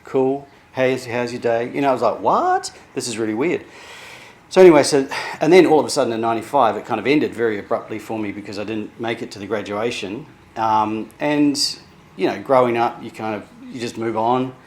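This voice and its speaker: Middle-aged man from New Zealand, personal vlog, halting, emotional, mid-pitched voice. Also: darkish tone. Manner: halting and emotional, with many restarts and self-quotes. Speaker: vlogger sharing therapy progress. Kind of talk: candid personal vlog monologue.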